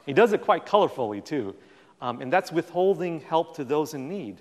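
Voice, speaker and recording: A man giving a public talk, telling stories in a lively way with plenty of fillers and acting out the dialogue. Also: fairly high pitch, moderate pace. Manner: animated storytelling, acts out quoted dialogue. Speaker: guest speaker. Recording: long reverb in a hall.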